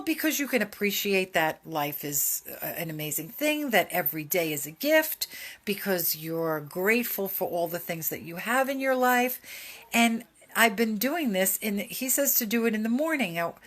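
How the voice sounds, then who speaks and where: A woman's voice: medium pitch, fairly bright tone. A woman hosting a casual self-help podcast, speaking earnestly and rambling, with frequent fillers and restarts. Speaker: podcast host.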